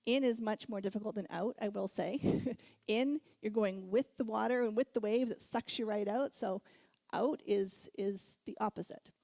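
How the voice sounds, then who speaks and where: Middle-aged woman speaker, warm storytelling sermon, laughs often, dry close sound. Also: mid-range voice, moderate pace, vocal fry, no echo. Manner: storytelling, laughs often, animated when recounting. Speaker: guest speaker.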